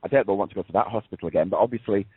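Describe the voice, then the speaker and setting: A man's voice: fairly low pitch, very fast, slight background noise. A male radio co-host talking casually and emphatically, stumbling over restarts, heard over a tinny phone line. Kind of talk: casual talk-radio chat.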